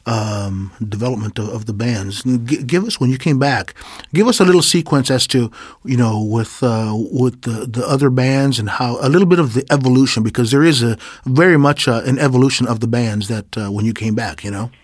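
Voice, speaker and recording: A male interviewer with a husky voice, recorded dry and close. He pieces his question together slowly, restarting and repeating phrases as he goes. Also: mid-range voice, no echo. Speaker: interviewer, host.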